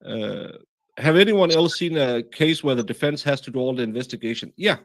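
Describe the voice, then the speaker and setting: Guy hosting a live stream, lots of uhs and restarts, mid-pitched plain voice. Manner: rambling, halting with many fillers. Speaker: livestream host. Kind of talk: casual chat.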